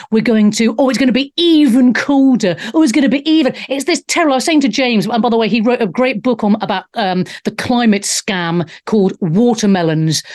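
A woman's voice: mid-range voice, darkish tone. A woman hosting a talk show, chatting casually and animatedly with lots of fillers and restarts. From Wales. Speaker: host.

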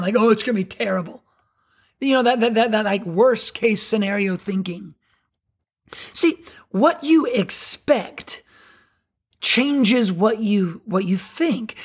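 A middle-aged woman pastor giving a sermon in a chatty, animated, self-deprecating way. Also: a little high, husky.

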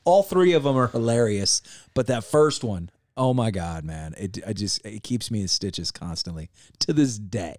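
A man co-hosting a podcast in casual chat, enthusiastic and quick to agree. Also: on the low side, animated. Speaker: podcast co-host.

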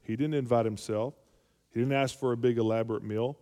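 A man's voice: mid-range voice, fairly even intonation, a little fast, warm tone. A male pastor preaching a sermon, calling for amens and rising to emphatic peaks. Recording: long hall reverb.

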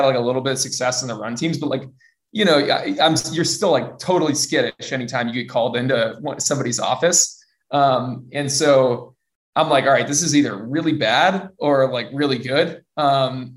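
A young man at an ordinary middle pitch tells his story at an easy, conversational pace. He rambles, stacking "um" and "like" and restarting his sentences as he goes. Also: a bit bright. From US West Coast. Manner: rambling, many fillers and restarts. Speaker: former college football player, guest. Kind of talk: casual interview storytelling.

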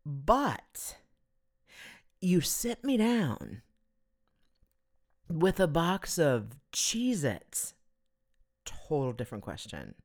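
A woman's voice: deep voice, wildly swooping pitch, drawn-out words, pauses often, a little mellow. A woman hosting her own podcast, chatting casually on her own in a rambling, self-deprecating, giggly way. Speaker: podcast host. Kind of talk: casual solo podcast chat.

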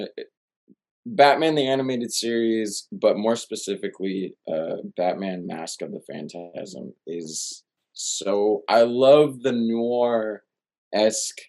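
Casual co-host, male, low voice, gushes and restarts a lot. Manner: excitable, gushing, trails off and restarts. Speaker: podcast co-host. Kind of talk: casual chat.

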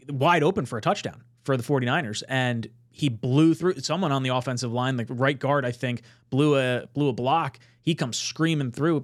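A man hosting a casual sports podcast, talking steadily and reading out the live chat. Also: mid-range voice. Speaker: podcast host.

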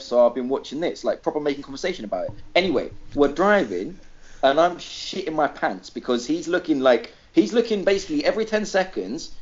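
A man from Greece tells a story on a podcast in a higher-than-usual voice that swings widely up and down. He swears freely and acts out the people he quotes. The recording sounds dull and lo-fi. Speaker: podcast regular. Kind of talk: casual storytelling.

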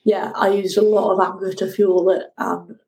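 Woman, storytelling guest, lively, even mid pitch. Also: moderate pace, vocal fry, slight background noise, rough recording. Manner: animated, acts out shouting at the sea. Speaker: guest, ocean rower. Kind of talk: conversational interview storytelling.

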